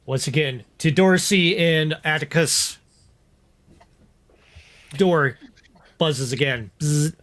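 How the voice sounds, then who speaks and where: A man's voice: on the high side, takes it slowly, pauses often, fairly bright tone. A man narrating a tabletop game as game master, voicing sound effects aloud.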